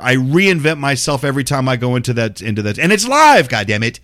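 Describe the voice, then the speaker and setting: Older man, podcast host, cranky rant, profane, sarcastic, lively swooping pitch. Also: normal speed, hardly any pauses. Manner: cranky, sarcastic, swears constantly. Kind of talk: profane ranting commentary.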